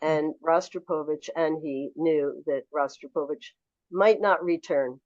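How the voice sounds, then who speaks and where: A woman in her seventies, a memoir author telling lively anecdotes as a guest in a podcast interview. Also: deep voice, unhurried, no room sound, muffled recording. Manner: animated anecdotal storyteller.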